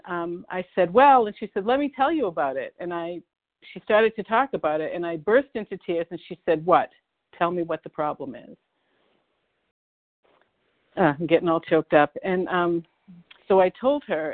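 A woman from the Boston area sharing her recovery story at a meeting, halting and emotional, with many pauses and restarts. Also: on the low side. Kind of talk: personal recovery share. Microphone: phone dial-in. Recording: tinny phone line.

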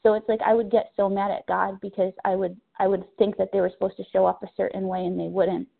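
A woman talks openly at a recovery meeting, pausing often to find her words. Her voice has a gravelly fry. It comes through a narrow, tinny phone line. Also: medium pitch, little pitch movement. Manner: halting, searching for words, candid. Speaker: recovery meeting member sharing. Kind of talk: personal share on a phone meeting.

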